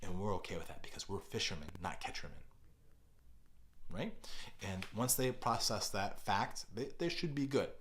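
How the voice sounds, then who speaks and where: A middle-aged man, a kids pastor, giving parenting advice on a podcast with deliberately exaggerated, energetic delivery. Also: lowish voice, slight background noise.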